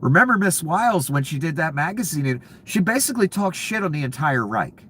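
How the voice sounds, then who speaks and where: A man's voice: a little high, very animated, brisk, sharp tone, slight background noise. A man giving sarcastic, profane reaction commentary on news clips. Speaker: political commentator.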